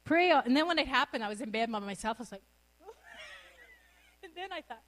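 A woman's voice: sits high, big pitch swings, moderate pace, long pauses, fairly bright tone. A middle-aged woman preaching a sermon, exuberant and laughing often as she speaks.

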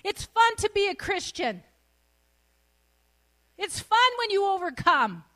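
Brief: middle-aged woman preacher, high voice with wide swings, bubbly and quick to laugh. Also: big pitch swings, sharp tone. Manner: exuberant, laughs often mid-sermon. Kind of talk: sermon.

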